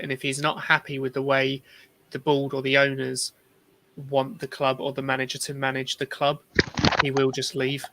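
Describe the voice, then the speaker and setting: A man speaks as a guest on a casual fan stream in a blunt, resigned way. His voice is extremely flat in pitch, with a bright, sharp tone. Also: a little hiss or hum. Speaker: guest panelist. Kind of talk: casual live-stream chat.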